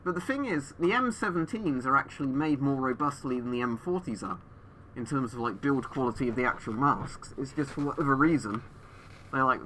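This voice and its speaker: A man's voice: mid-range voice, fairly quick, sharp tone, slight background noise. A man streaming from home over a webcam, answering viewers in a rambling way, his voice muffled through a gas mask. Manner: rambling, thinking aloud with fillers.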